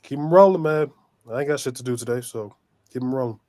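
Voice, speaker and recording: A man's voice: mid-range voice, fast talker, mellow. A man co-hosting a wrestling podcast in casual chat, blunt and laid-back with slang and swearing. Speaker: podcast co-host.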